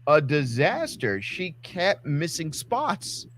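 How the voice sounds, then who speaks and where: Foul-mouthed guy ranting about wrestling, voice sits a bit high. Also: sing-song, slow, fairly bright tone. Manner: ranting, profane, acts out quotes. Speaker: podcast co-host. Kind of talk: casual wrestling chat.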